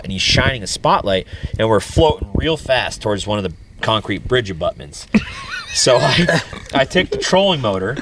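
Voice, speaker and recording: Animated storytelling man, lively pitch. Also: brisk, noisy background. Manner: animated, laughing while telling a story. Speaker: podcast host. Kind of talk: casual storytelling.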